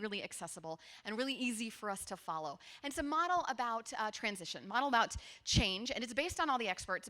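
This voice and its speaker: A woman in her forties giving a conference workshop talk, telling stories in a lively, conversational way with asides to her audience. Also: fairly high pitch. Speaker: workshop presenter. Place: conference room with a seated audience.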